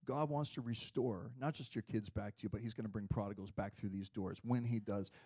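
A man preaching a sermon in a conversational, storytelling way, dropping to a hush and then rising to loud emphasis. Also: fairly low pitch, steady tone, fairly quick, husky.

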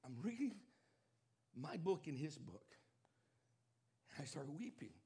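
A man delivers a sermon with a slightly raised pitch and a husky, breathy edge. He preaches emphatically and confessionally, pushing some lines out loud and dropping others to a hush. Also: big pitch swings, a little slow.

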